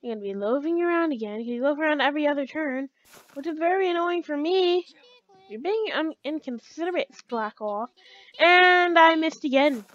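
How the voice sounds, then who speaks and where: A woman's voice: sits high, expressive, brisk, lo-fi sound. A woman giving chatty let's play commentary, talking to her game characters as she plays. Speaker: gamer.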